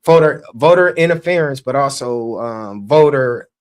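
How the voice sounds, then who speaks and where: A man with a Chicago accent, a candidate telling an election-day story on a podcast, animated and acting out the dialogue. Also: medium pitch, normal speed. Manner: animated, acts out quoted dialogue. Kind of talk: casual storytelling chat.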